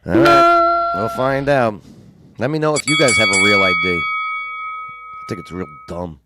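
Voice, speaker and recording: A man's voice: fairly low pitch, expressive, unhurried, heavy background noise. A man hosting a casual chat, joking and sarcastic. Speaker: host.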